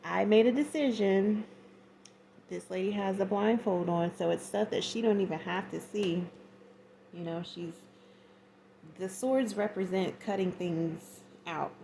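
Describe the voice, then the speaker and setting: A woman's voice: mid-range voice, unhurried, gravelly, warm tone, slight background noise. A woman giving a casual tarot reading, chatty and slangy, acting out little scenes as she goes. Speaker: tarot reader.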